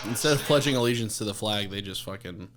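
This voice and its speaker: A man's voice: fairly low pitch, fast, a crowd in the background. A man on a casual podcast chat, blunt and casually swearing. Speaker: podcast co-host.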